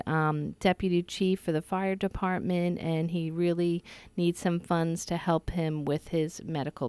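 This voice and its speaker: A woman's voice: on the low side, darkish tone, clear, resonant tone, no room sound. Chatty New York woman hosting radio. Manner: chatty, upbeat, laughs easily. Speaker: radio talk show host. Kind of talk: casual radio chat.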